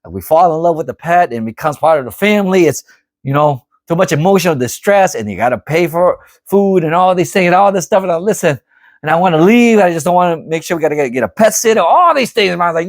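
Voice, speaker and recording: Animated rambling man, bright dry voice. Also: a little high, quick pace, no room sound. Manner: animated, rambling, repeats himself. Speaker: vlogger. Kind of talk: casual storytelling to camera.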